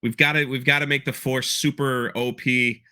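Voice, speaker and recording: Guy on a podcast rambling about an episode, really bright tense voice, trips over his words a lot. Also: mid-range voice, little pitch movement, normal speed, clear, resonant tone. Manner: rambling, repeats words, quotes lines with feeling. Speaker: podcast host breaking down an episode. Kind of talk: casual chat.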